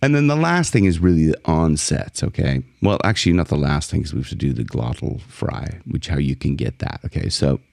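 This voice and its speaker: A man teaching a singing lesson as a vocal coach, explaining technique in a relaxed way between short sung demonstrations. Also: brisk, few pauses, no echo, studio quality. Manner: speaks in a low fry, then jumps high to sing song lines in demonstrations.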